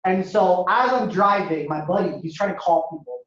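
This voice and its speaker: A man giving a lively storytelling talk as a guest speaker at a university, acting out dialogue in a casual way. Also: high voice, normal speed. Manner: animated, acts out dialogue, casual. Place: university lecture hall. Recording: echoey hall, dull lo-fi sound.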